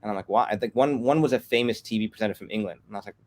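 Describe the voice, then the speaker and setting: A guest who is a comics company executive tells stories in a casual interview, talking fast in a low voice. His anecdotes are animated, with quotes acted out.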